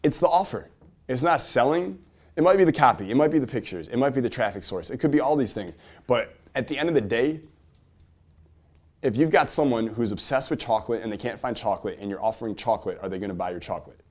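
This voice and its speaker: A man giving an energetic seminar talk to a live audience, firing rhetorical questions and swinging between loud emphasis and quiet asides. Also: medium pitch, fast talker.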